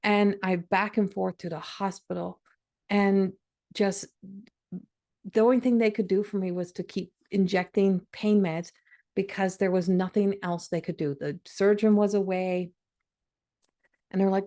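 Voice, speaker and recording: A middle-aged podcast host shares a personal story in an emotional, conversational way, often restarting her sentences. Her mid-range voice is dark in tone, a little slow, with fairly even intonation.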